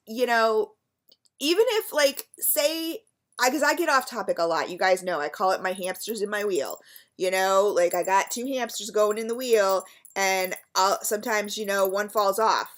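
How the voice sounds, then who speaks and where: Chatty, rambling woman vlogger. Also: mid-range voice. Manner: chatty, rambling, warmly gushing with frequent fillers. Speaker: beauty vlogger. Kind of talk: casual rambling vlog.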